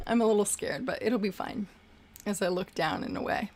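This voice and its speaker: A woman's voice: medium pitch, moderate pace, gravelly, a little mellow. A young woman hosting a casual livestream, chatting and effusively thanking viewers for their super chats.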